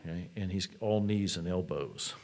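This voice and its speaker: Male college president, keynote talk, relaxed storyteller, lower voice. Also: moderate pace. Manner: storytelling, conversational.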